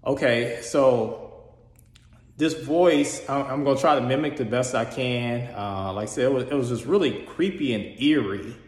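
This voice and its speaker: A man earnestly telling a personal experience in a casual, halting way, with frequent restarts. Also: medium pitch. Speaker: storyteller sharing a personal experience. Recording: roomy hall reverb.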